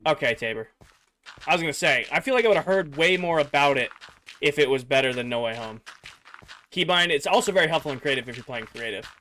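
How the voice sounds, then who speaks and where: Young man, game streamer, casual rambling chat, slightly high pitch, faint background noise. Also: animated, fairly quick, sharp tone. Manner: rambling, filler-heavy, answering chat. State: losing his voice. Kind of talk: casual livestream chat with viewers.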